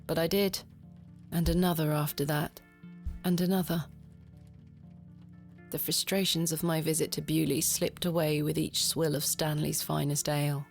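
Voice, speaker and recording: An actress voicing a composed young Victorian woman, the protagonist of a game, narrating and speaking in a measured, proper way. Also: sits low, little pitch movement, creaky, soft background music. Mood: reflective.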